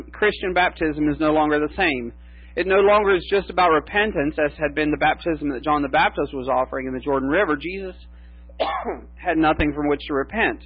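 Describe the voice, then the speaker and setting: A man preaching a sermon as pastor, slow and emphatic with long pauses. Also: fairly high pitch, slightly rough, no echo. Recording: tinny phone-like sound with mains hum.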